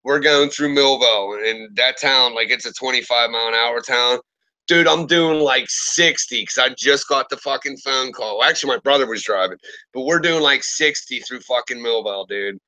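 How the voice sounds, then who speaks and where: A man's voice: medium pitch, moderate pace, poor audio. A man in his thirties casually telling profane stories in a live chat, acting out the people in them. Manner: profane, animated storyteller with lively quoted voices.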